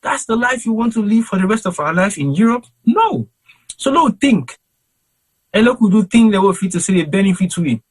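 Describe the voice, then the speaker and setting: A Sierra Leonean man with a Krio accent gives impassioned commentary on a panel. His voice is a little husky and pitched somewhat high. He talks in an emphatic, rhetorical way, like a preacher. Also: very animated, moderate pace, rough recording. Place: cold home in London.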